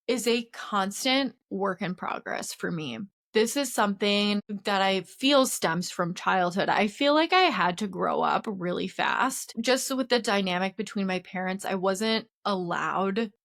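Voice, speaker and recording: A woman hosts a podcast, offering a casual spiritual wellness lesson woven with personal stories. She is earnest and open in a conversational way, and her medium-pitched voice is a bit bright.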